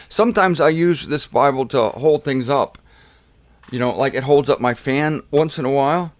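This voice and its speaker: A man's voice: medium pitch, moderate pace. A man giving casual, playful commentary on a Bible verse, repeating words for emphasis. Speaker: Bible teacher. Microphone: camera in a laundry room.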